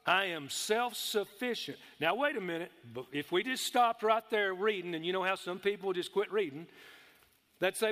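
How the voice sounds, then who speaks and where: A man preaches with a high, ringing voice. He presses his points hard, asks the room for amens and slows right down on the words he wants to land. The sound carries a long reverb from the church hall. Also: bright, forceful tone. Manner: emphatic, calls for amens, drawls key words slowly. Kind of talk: sermon.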